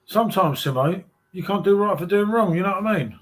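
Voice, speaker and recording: A man bantering on a beer-review stream. His voice sits high for a man. He mocks, swears and jokes in casual chat. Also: expressive, brisk.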